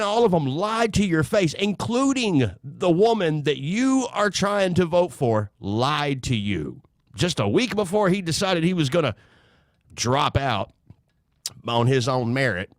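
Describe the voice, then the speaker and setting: A man's voice: a little high, dry recording. A man hosting a political commentary show, talking bluntly and sarcastically, with plenty of swearing.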